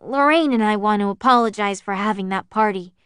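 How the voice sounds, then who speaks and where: A woman doing a nervous teenage boy, pitched a little higher and louder as he pleads and coaxes. The voice is smooth and dry. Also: fairly quick, dry recording, lightly acted. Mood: pleading. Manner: earnest, pleading, slightly raised voice.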